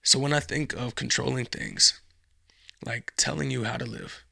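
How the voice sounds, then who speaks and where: A man's voice: mid-range voice, steady tone, normal speed, creaky, sharp tone, no echo, clean studio sound. A man hosting a casual podcast, rambling and swearing, with lots of fillers and restarts. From United States. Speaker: podcast host.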